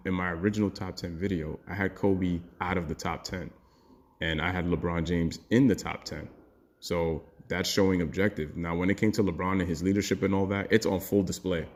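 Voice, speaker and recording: A man with a very low voice delivers an opinionated sports rant for his own channel. He talks bluntly and heatedly, swearing freely as he argues his point. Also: a little mellow. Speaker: sports commentary YouTuber.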